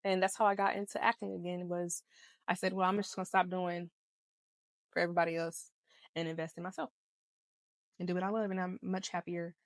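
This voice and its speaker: A woman co-hosts a podcast, chatting casually about her work and life, laughing often and drifting onto tangents. Her voice is lowish and level, and she speaks briskly with frequent pauses on a dry recording.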